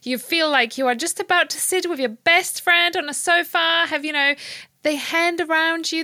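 Bright, emphatic woman podcast co-host. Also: very high-pitched, moderate pace, no echo, clean studio sound. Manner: animated, emphatic, skeptical. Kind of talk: casual podcast discussion.

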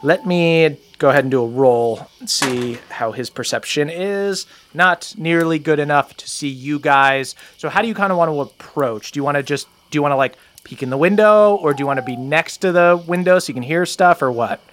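A man running a tabletop game as game master, narrating in a relaxed, jokey way and laughing often. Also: fairly high pitch, fairly quick, few pauses, a little hiss or hum.

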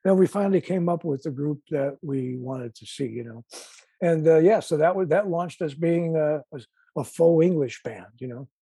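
A man's voice: fairly high pitch, moderate pace, gravelly, warm tone, breathy edge, no echo. An older man with a Chicago accent, a guest musician telling stories in a rambling way with many restarts. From Chicago, USA. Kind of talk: casual interview chat.

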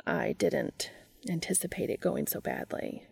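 A woman voicing a shy, gentle young man in a hushed, breathy whisper while reading a story aloud. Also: lowish voice, expressive, measured pace, no room sound, studio quality, exaggerated voice. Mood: tender.

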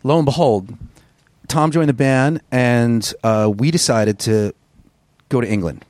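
A man who is a musician, telling stories in a casual interview, rambling and profane with a gruff voice. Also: mid-range voice, unhurried, a little mellow, dry recording. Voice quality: gruff singer's voice. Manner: rambling, profane, self-deprecating storyteller. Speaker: musician guest.

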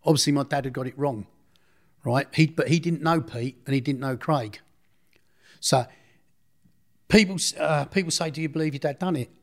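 A man's voice: fairly high pitch, moderate pace, long pauses. A middle-aged man, telling his story in an interview in a blunt, rambling way, often correcting himself. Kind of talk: casual storytelling.

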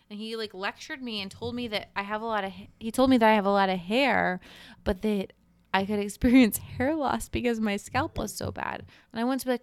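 Young woman podcast co-host, chatty and animated, gravelly edge, dry sound. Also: fairly high pitch, brisk, no echo. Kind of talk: casual chat. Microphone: moves back and forth from the microphone.

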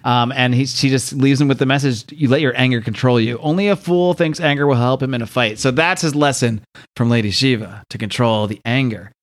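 A man's voice: mid-range voice, brisk. Chatty man recapping comics. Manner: laughs often, acts out quotes. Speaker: podcast co-host. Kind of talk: casual comic book recap.

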